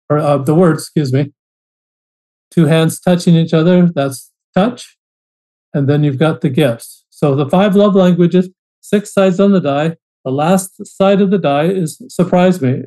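A man's voice: on the high side, moderate pace, warm tone, poor audio. A man as a podcast guest, telling his story earnestly in a casual interview, often restarting phrases.

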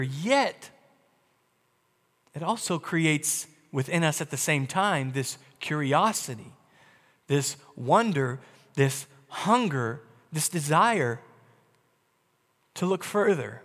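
A male pastor preaching a sermon with dramatic delivery, swinging between loud and hushed. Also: on the high side, in a large hall.

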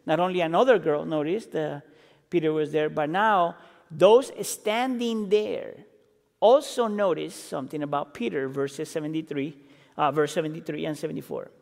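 A man preaching a sermon, acting out quoted lines and building intensity before dropping low and quiet. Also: normal speed, gravelly. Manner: expressive, acts out quotes, builds intensity then drops low. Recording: reverberant hall.

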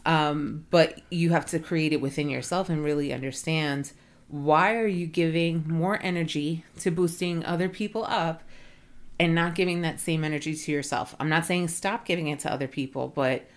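A deep-voiced woman speaks at a normal speed in relaxed podcast conversation. She sounds earnest, and "like" and "you know" come up often in what she says.

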